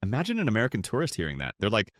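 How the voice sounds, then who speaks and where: A man's voice: lowish voice, huge pitch swings, very fast, fairly bright tone, dry recording, clean studio sound. A man giving scripted comedic narration for an explainer video, with a wry, playful and punchy delivery.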